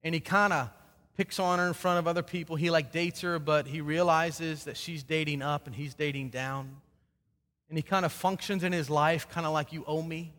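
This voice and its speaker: A man's voice: steady tone, normal speed. Earnest male pastor in a reverberant hall. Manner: earnest, rising to emphatic peaks and dropping to soft low endings. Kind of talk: sermon.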